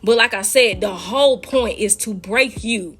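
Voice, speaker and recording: With faint music in the background, a woman speaks at a measured pace in a medium-pitched voice. She recounts her own faith story and instructs listeners in an animated, casual way, calling them "y'all."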